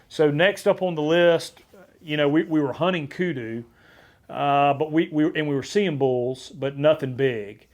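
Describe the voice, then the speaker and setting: A man hosting a podcast, telling a hunting story in a casual, energetic way with frequent restarts. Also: fairly high pitch, measured pace. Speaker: podcast host.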